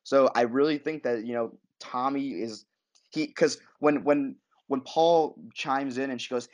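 A man on a casual podcast, excitedly recapping a TV episode and acting out lines in high voices. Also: a little slow. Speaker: podcast co-host.

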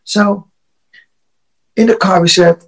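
High-voiced Dutch man telling a rowdy story. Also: fairly even intonation, slow, low-quality recording. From Netherlands. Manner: laughing often, restarting words, loose and profane. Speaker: podcast guest, wrestler. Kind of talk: casual storytelling.

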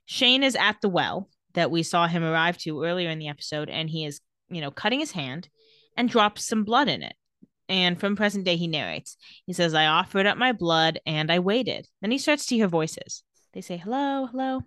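A woman's voice: on the low side, animated, fairly bright tone, no echo, studio quality. Playful woman recapping a show. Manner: playful, quick to laugh, acts out quotes lightly. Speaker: podcast co-host recapping a TV episode. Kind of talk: casual chat, retelling scenes.

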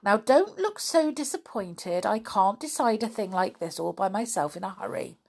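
A woman voicing a gentle, cautious mother who reasons calmly with her children. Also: medium pitch, moderate pace, gravelly, slightly rough.

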